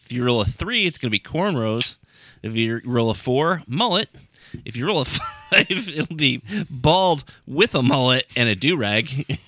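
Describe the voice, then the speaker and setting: Teasing man with a bright, dry voice. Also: medium pitch, measured pace, no echo. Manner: teasing, reads out options in a steady list. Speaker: podcast co-host running a dice game. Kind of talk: casual chat.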